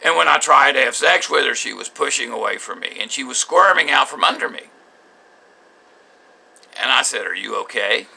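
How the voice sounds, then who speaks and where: Older man, gravelly voice, tense delivery, bitter personal journal, halting speech. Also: medium pitch, expressive, sharp tone. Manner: bitter, halting, with frequent restarts. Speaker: vlogger recounting his marriage.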